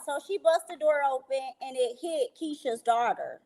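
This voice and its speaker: A woman with a fairly high voice tells a personal story as a guest. She talks casually and with animation, and she acts out the people she quotes. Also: expressive, normal speed, crowd noise. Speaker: guest recounting an experience.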